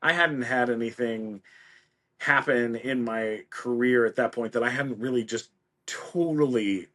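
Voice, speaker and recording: Man, middle-aged guest, mid-pitched; animated storyteller who acts out everyone he quotes. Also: a little slow. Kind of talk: casual anecdote.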